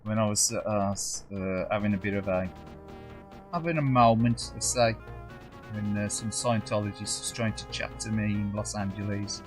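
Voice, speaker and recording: Over music, a gaming streamer with a Black Country accent, from the English Midlands, keeps up casual chat with viewers at a moderate pace, his fairly low voice fairly even in intonation. He reads live chat aloud, swears, trails off, jokes, and drops into comic quoted voices.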